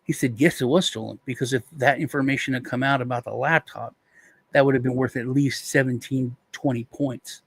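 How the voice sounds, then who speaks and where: A man's voice: medium pitch, steady tone, a little fast, creaky, breathy edge, dry recording. A male co-host rambling through a casual chat, retelling stories with restarts and quoted voices.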